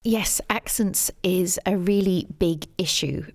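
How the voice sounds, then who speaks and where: A middle-aged woman with a London English accent, answering interview questions as the guest, measured and thoughtful, with plenty of "um" and "you know". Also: lowish voice. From England. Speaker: guest, English teacher and tour guide.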